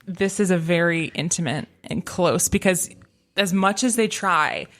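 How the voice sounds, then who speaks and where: A woman co-hosts a podcast in a relaxed chat, her voice sitting on the low side. She walks through the episode scene by scene, slipping into the characters' lines as she goes. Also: measured pace. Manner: retells scenes, acting out lines in quotes. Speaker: podcast co-host. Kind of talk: casual chat recapping a TV episode.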